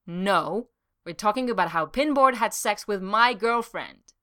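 A woman's voice: medium pitch, lively intonation, unhurried, a bit bright. A woman doing an indignant jealous young man. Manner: exasperated, snappish.

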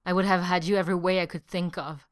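A woman's voice: on the low side, level tone, quick pace, natural voice. A woman reading as a proud, hot-tempered young man. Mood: intimate.

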